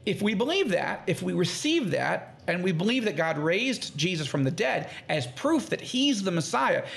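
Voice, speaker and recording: A man's voice: high-pitched, normal speed, gravelly. A man as a podcast guest, teaching on the Bible in conversation and acting out quoted speech with animation. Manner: animated, acts out quoted speech in lively tones.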